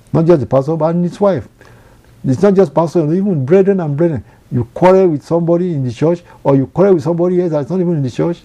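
A man's voice: on the high side, dark tone. A man preaching a sermon, earnest and repetitive, often quoting scripture.

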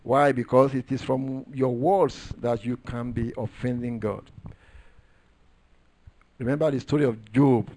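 A man's voice: medium pitch, steady tone, measured pace, long pauses, mellow, slight background noise. A man preaching a sermon, emphatic and repetitive, stressing key phrases as he works through scripture. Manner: repeats phrases while working through scripture.

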